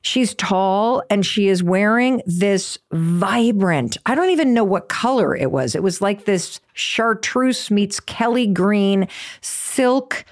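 A middle-aged woman hosting her podcast, telling a story in an animated, gushing way and acting out quotes with gasps. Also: mid-range voice, slow. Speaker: podcast host.

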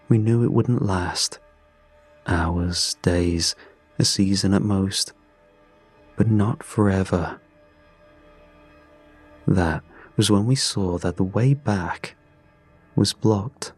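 Deep, slow male storyteller. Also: darkish tone, no echo. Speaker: narrator. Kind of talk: scripted story narration.

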